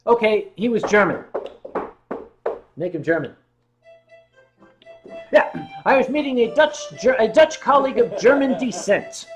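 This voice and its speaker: A man's voice: high voice, expressive, unhurried, pauses often, rough recording. American man, livestream host, rambling storyteller, self-mocking, faint music behind. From United States.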